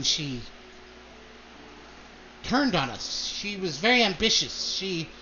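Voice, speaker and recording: A man's voice: a little high, bright, forceful tone, lo-fi sound, a little hiss or hum, exaggerated voice. Man playing a haughty noble mother. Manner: gossipy, gracious, complaining about her daughter.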